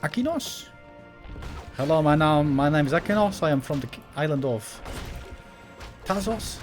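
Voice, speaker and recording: A man putting on a halting mock Greek accent as a made-up Greek man introducing himself. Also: a little high, lively intonation, soft background music, natural voice. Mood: playful. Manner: hammy, halting self-introduction.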